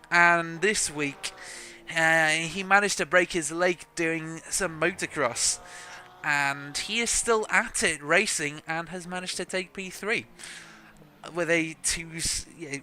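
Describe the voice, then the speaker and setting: A man's voice: a little high, pushed and bright, slight background noise. A young man from South Africa giving live sim racing commentary in a chatty, joking, self-deprecating way. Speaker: race commentator.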